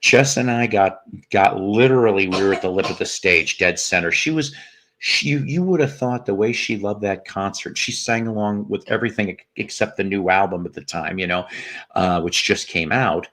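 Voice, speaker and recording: A man with a fairly low voice talks loosely on a music stream. He reminisces and wanders, often restarting his sentences as he goes. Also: normal speed, fairly bright tone. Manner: rambling, reminiscing, with frequent restarts. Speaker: co-host of a music stream show. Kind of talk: casual chat.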